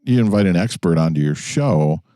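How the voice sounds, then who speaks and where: A man from New York talks through stories in an unhurried, easygoing way as podcast co-host. His voice is low, and he leans on fillers as he goes. The recording is close and dry. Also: no room sound. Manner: relaxed storytelling with frequent fillers. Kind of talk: casual chat. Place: in a jeep.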